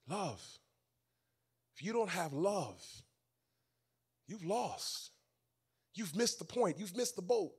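Preaching at a church camp meeting, a male pastor speaks slowly with frequent pauses in a fairly high, slightly rough voice full of big pitch swings. He alternates loud emphasis with hushed near-whispers and repeats his main phrases.

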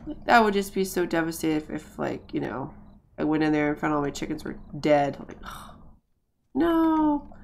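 A woman's voice: low-pitched, sing-song, normal speed, gravelly, darkish tone, a little hiss or hum. A woman from the United States chatting casually while streaming a life-sim game, rambling with frequent restarts and laughs.

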